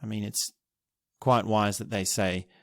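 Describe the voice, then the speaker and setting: A man hosting a podcast alone, musing and thinking aloud, restarting his sentences and chuckling softly as he reflects. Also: on the low side, steady tone, measured pace, no echo, studio quality. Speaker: podcast host. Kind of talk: reflective solo podcast talk.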